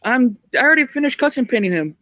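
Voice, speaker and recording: Man, guest, high voice, hesitant, repeats words, dull dry call audio. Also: animated, fast talker, background noise. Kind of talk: casual video-call chat. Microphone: video call.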